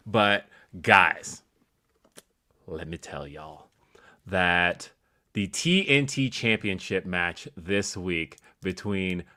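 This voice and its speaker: A man co-hosting a casual wrestling talk show, animated and laughing often as he gets worked up. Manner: animated, laughs a lot, jumps high in pitch when excited. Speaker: co-host.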